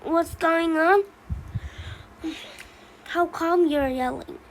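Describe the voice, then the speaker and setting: A woman's voice: very high voice, very slow, slight background noise, full character voice, rough recording. Baby Pine, a woman reading as a whiny little sapling. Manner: reads the role labels aloud between lines.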